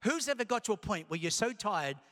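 A man preaching with a high, bright, ringing voice, animated and calling out to the people in front of him. His words carry a long tail of reverb from a large hall. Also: fairly quick. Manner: animated, calls out to the congregation. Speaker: pastor. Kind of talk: energetic sermon.

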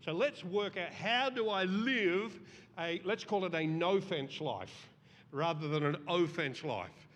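Brief: middle-aged male pastor, high lively voice, reverberant church hall. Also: unhurried. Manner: animated, acts out voices in the story. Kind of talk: sermon. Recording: long reverb of a large hall.

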